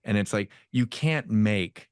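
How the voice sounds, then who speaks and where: Deep-voiced male podcast host. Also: slow pace, smooth, no room sound, clean studio sound. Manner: animated, conversational, laughs easily. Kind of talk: casual interview chat.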